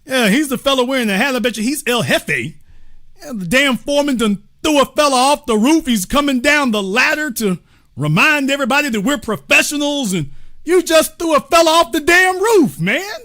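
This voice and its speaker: A man's voice: very high voice, normal speed. A man hosting a show, giving casual, joking commentary on a video and talking straight to his viewers. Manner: animated, joking, talks to viewers as y'all. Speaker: host.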